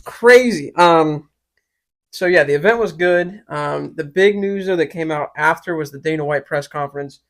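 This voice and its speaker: A man co-hosting a sports podcast, chatting casually and telling animated stories about fights. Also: a little high, moderate pace. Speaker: podcast co-host.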